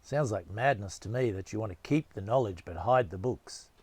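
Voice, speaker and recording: A man's voice: lowish voice, animated, normal speed, darkish tone, husky. A man voicing a cheerful, kind young farm girl in an audiobook, with a lightly raised, teasing delivery.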